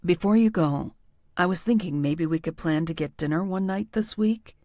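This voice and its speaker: A woman narrator voicing a shy, gentle man with a soft, hesitant way of talking, in a lowered voice. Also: normal speed, no room sound, clean studio sound, close to an everyday voice. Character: shy, gentle young man, kind dog owner.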